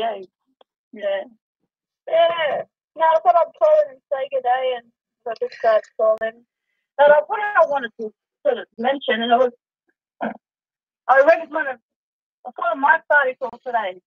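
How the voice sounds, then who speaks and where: A woman's voice: sits high, expressive, measured pace, long pauses, no echo. A woman with an Australian accent calling in to a talk show, chatting in a rambling, easygoing way and laughing easily. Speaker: caller. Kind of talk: casual call-in chat. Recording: dull distant phone-line sound.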